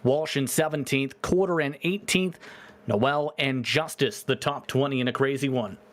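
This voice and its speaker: A man reading finishing positions on a sim racing broadcast in a steady, matter-of-fact way. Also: medium pitch, normal speed. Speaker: race broadcaster. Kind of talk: sim racing results rundown.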